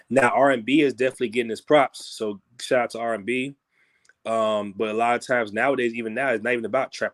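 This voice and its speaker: Rambling, casual man talking shop. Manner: loose, rambling, peppered with "you know what I'm saying"; grows animated and higher when making a point. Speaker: guest musician. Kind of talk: casual interview talk.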